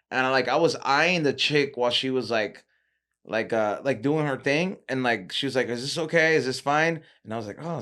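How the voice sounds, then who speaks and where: A man's voice: mid-range voice, fairly bright tone. A young man telling rambling, laughing stories in a casual podcast chat, full of "like" and swearing. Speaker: podcast guest, cannabis show host.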